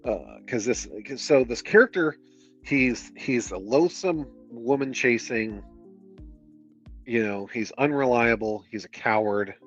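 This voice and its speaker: A man's voice: mid-range voice, lively intonation, measured pace, muffled recording, soft background music. A man reading a book aloud on stream, breaking off into sarcastic, exasperated commentary full of swearing.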